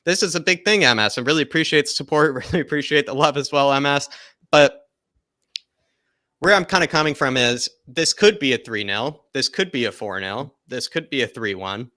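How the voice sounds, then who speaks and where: A man's voice: mid-range voice, moderate pace, sharp tone, dry recording, studio quality. A man hosting a football live stream, reading viewer comments and rambling casually with fillers and laughs. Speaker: football channel host.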